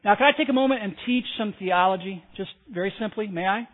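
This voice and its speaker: A male pastor preaches a sermon in a high, fast voice, emphatically repeating key phrases and calling on the congregation to respond. The recording sounds tinny, like a phone.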